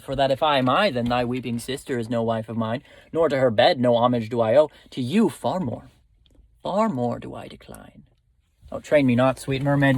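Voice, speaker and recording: A lovestruck young man pleads in earnest, lifted Shakespearean verse, as a man recites him. His voice has a gravelly edge, recorded dry and close. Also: medium pitch, dry recording.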